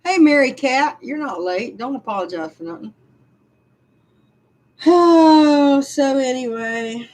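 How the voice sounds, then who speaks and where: A woman's voice: high voice, animated, slow pace, long pauses, darkish tone, rough recording. A woman in her sixties, venting on a live stream. She sighs often and talks to her chat about her frustration. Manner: frustrated, sighing, speaks to chat.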